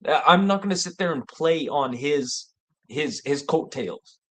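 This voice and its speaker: A man's voice: on the high side, expressive, measured pace. A man hosting his own show, rambling and joking with heavy swearing. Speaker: show host. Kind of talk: casual rambling monologue.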